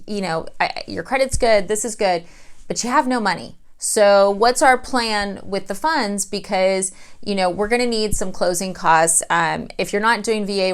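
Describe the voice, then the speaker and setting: A woman loan officer talking straight to camera, giving home-buying advice in a casual, animated way and acting out her clients' lines. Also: mid-range voice, smooth. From United States. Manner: animated, acts out clients' voices.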